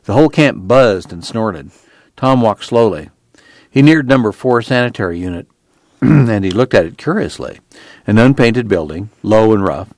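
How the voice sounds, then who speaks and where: A man reading a novel aloud in steady, measured narration. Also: on the low side, no echo. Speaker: audiobook reader.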